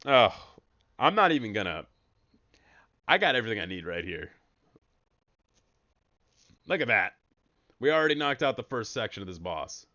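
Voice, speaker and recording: A man giving casual, jokey commentary while streaming a card game, breaking into sudden high excited yelps. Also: moderate pace, long pauses, highs cut off.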